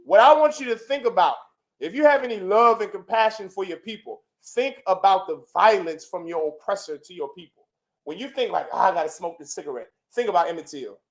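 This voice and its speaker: A man preaching a fiery sermon to a gathering, forceful and repetitive, swinging between loud outbursts and low, intense passages. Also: lively intonation, brisk, poor audio. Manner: repetitive, chanting lists. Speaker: preacher leading a congregation. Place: indoor gathering.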